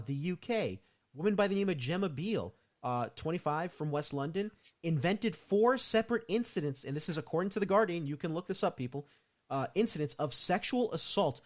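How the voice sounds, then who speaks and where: A man co-hosting a casual podcast, reading out news items and adding sarcastic asides. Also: fairly high pitch. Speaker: podcast co-host.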